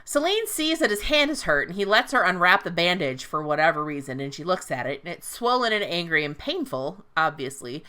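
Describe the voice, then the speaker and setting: A woman's voice: fairly low pitch, sing-song, fairly quick, hardly any pauses, sharp tone. A woman casually recapping a fantasy novel on a podcast, swearing freely and paraphrasing characters in a playful, irreverent way. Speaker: podcast host recapping a book.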